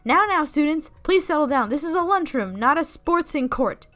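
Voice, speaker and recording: A woman reading the lines of a calm male school official who settles students down in a game. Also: high voice, normal speed, soft background music. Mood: soothing.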